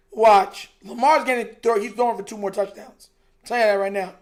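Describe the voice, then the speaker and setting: A man's voice: high voice, moderate pace. A young man hosting a live stream, reacting to a football game in casual, frustrated, emphatic chat. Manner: frustrated, emphatic, repeats himself, says "bro" a lot.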